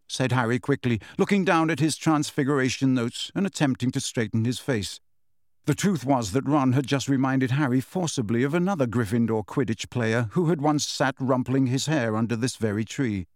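A man narrating a story in a measured, even reading voice. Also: mid-range voice, no echo, studio quality. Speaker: audiobook narrator.

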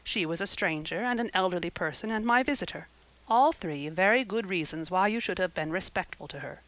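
A woman's voice: lowish voice, animated, fairly quick, fairly bright tone, no echo, low-quality recording. A woman reading an audiobook, voicing a stern, dry-witted middle-aged guardian woman who speaks in a dry, reproving way.

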